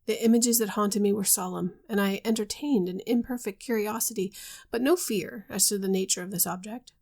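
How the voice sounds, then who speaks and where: A woman reading the part of a grave young husband troubled by a mysterious voice, in a measured, earnest way and in her own voice. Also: mid-range voice, creaky, darkish tone.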